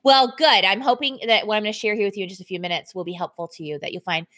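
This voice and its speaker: A woman fitness coach talks quickly in a mid-range, fairly bright voice during a casual livestream from her home. She chats openly with viewers, reads out their comments and thanks them, laughing a lot as her voice rises and falls.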